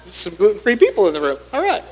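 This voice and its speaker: A man's voice: sits high, huge pitch swings, very fast, background noise. A middle-aged man preaching a sermon as pastor in a church, telling the story with acted-out voices. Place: church sanctuary.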